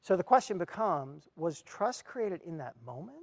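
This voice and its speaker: A man's voice: high-pitched, big pitch swings, normal speed, dry recording. A man giving a motivational talk to parents, earnestly telling a personal story and acting out his own reactions. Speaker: speaker at an education event.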